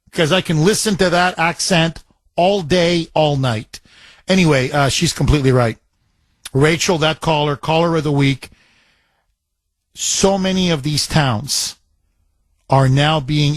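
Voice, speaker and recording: A man's voice: a little high, dry recording. Emphatic male talk radio host. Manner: emphatic and repetitive, piling up phrases.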